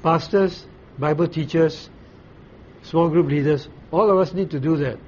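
A man preaching a Bible sermon in a fairly high voice, taking his time and stopping to ask the listeners questions. The recording sounds dull and a bit muffled, with a faint hiss underneath. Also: darkish tone. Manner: explains slowly, pauses often with "uh", asks the listeners questions. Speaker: pastor.

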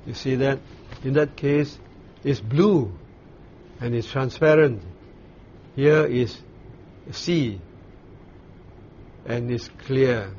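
A man leading a Bible study, explaining scripture in an unhurried way, pausing and restarting as he searches for words. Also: medium pitch, darkish tone. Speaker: Bible teacher. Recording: dull lo-fi recording with faint noise.

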